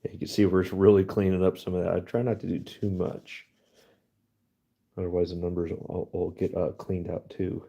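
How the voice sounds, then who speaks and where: A man hosting a casual live stream outdoors on a cold night, chatty and laughing often, his voice going hoarse. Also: low voice, little pitch movement, moderate pace, dark tone. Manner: chatty, laughs often, addresses viewers as guys. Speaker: livestream host.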